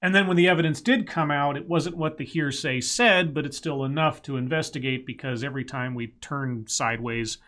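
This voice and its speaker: A man with a fairly high voice co-hosts a casual political talk stream. He rambles, restarts his sentences and breaks off to comment on what he reads. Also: a little fast, few pauses, fairly bright tone. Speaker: co-host of a news talk stream.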